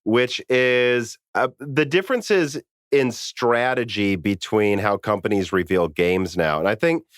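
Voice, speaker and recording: A man's voice: lowish voice, fairly bright tone, no echo, clean studio sound. A man hosting a podcast interview, reading listener questions aloud and chatting casually. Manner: reads listener questions, quick asides. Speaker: podcast host.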